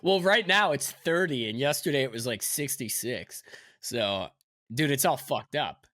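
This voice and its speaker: A man co-hosting a podcast, chatting casually, joking and stammering through deadpan bits. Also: medium pitch, a little slow, no echo, studio quality. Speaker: podcast co-host. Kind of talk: casual chat.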